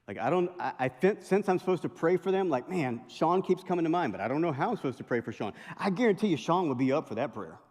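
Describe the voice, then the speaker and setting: A middle-aged male pastor preaching a sermon, telling stories in a lively way with impressions and asides. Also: fairly high pitch, fast talker, few pauses. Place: large chapel hall. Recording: long chapel reverb.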